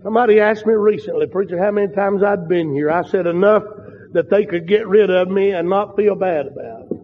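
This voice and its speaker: An older man preaching a sermon with fervent, drawn-out emphatic phrases. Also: high-pitched, fairly even intonation, a little hiss or hum. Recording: dull lo-fi sound in a large reverberant hall.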